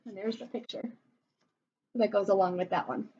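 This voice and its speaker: A woman's voice: medium pitch, fairly quick. A woman reading a chapter book aloud to children, playful, laughing now and then and doing character voices. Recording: dull lo-fi with faint noise.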